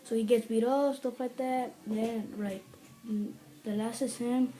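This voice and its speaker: A woman with a fairly high, mellow voice retells a film in a loose, rambling way. She leans on "like" constantly and drops into other voices to act out lines. It is a casual spoken review. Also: steady tone, measured pace, poor audio. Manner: rambling retelling full of "like", acting out quotes. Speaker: movie reviewer.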